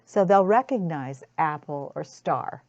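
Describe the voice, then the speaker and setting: A woman's voice: sits low, lively intonation, darkish tone, no room sound. A woman tutor explaining a grammar lesson in a careful way, with frequent restarts. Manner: slow, careful, with repeated restarts. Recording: dull lo-fi dry recording.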